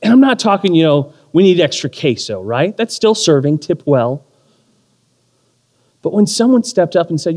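A man in his thirties preaching a sermon, telling a story with animated, self-deprecating humor. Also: fairly high pitch, normal speed. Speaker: pastor. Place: church or community hall. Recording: long hall reverb.

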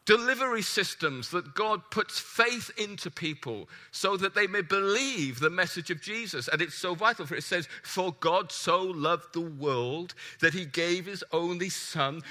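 A man preaching a sermon, emphatic and animated, putting questions to the congregation. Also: high voice, a little slow, few pauses.

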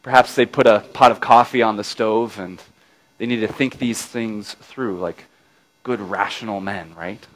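A man with a low, steady voice preaches a sermon at a measured pace on a low-quality recording. He retells a scripture scene dramatically, dropping to a near-murmur at tender moments and putting tag questions to his listeners along the way.

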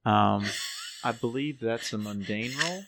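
A man's voice: fairly low pitch, measured pace, vocal fry, a bit bright, slight background noise. A man running a tabletop game as game master, laid-back and often restarting his sentences.

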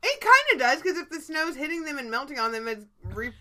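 A woman's voice: high voice, big pitch swings, a little fast, a loud crowd. A woman co-hosting a casual chat podcast, talking freely with plenty of swearing and laughter. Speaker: podcast co-host.

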